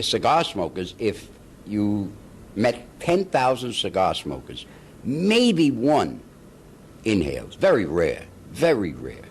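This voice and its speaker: An older man with a lowish voice and swooping intonation shares anecdotes like a veteran actor reminiscing in an interview. He chuckles animatedly and takes on the voices of those he quotes, with faint hiss or hum present.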